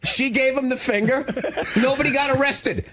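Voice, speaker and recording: A man's voice: very high-pitched, steady tone, normal speed, crowd noise. A man as a talk show guest, talking in a sarcastic, blunt way. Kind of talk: casual chat.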